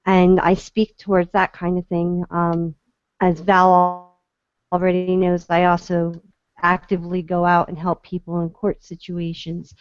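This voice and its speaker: A woman's voice: fairly low pitch, completely flat delivery, unhurried, clean tone, no room sound, muffled recording. A middle-aged woman sharing a personal story in casual talk, earnest and full of restarts, as a guest speaker. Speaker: guest speaker, court advocate.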